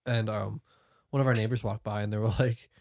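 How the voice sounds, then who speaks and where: A man's voice: lowish voice, fairly even intonation, fairly quick, gravelly, a little mellow. A young man co-hosting a podcast in casual chat, hedging his words with many fillers. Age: young adult. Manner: hesitant, full of "like" fillers. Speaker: podcast co-host.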